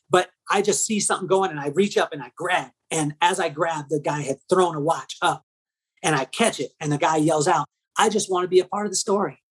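Fast-talking husky man telling a story. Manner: fast, lively, acts out dialogue with shifting pitch. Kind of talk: animated personal storytelling.

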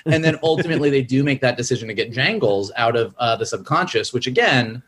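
Animated man talking movies. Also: fast. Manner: animated, acts out character quotes in a higher voice. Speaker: screenwriter and podcast guest. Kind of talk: casual film discussion.

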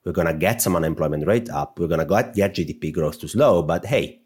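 A man's voice: low voice, lively intonation, fairly quick, darkish tone, slightly rough. A man with an Italian accent, co-hosting a finance podcast in a chatty, teasing way. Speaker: podcast co-host. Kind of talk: casual finance chat.

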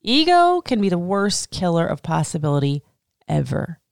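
A woman's voice: lowish voice, sing-song, normal speed, creaky, clear, resonant tone, no room sound, clean studio sound. A woman podcast host in her thirties giving casual, candid advice, swearing freely and laughing often.

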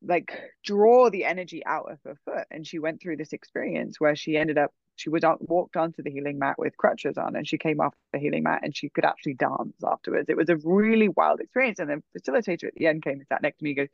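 A woman casually telling a long personal story, full of fillers like "like" and "um", animated in her delivery. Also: sits low, fast talker, vocal fry, hardly any pauses, dry recording, lo-fi sound.

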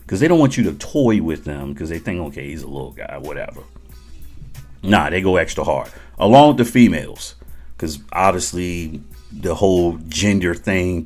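Deep-voiced, chatty veteran storyteller. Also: male voice, darkish tone. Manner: conversational, addresses listeners directly, chuckles often. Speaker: podcast storyteller, retired Army veteran. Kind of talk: casual storytelling.

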